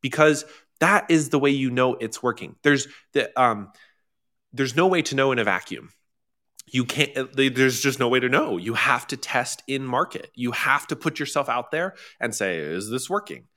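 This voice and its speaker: Man with a bright, forceful voice as a chatty workshop host, animated, lots of fillers and restarts. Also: moderate pace. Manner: animated, with sudden high-pitched exclamations. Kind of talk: casual workshop talk.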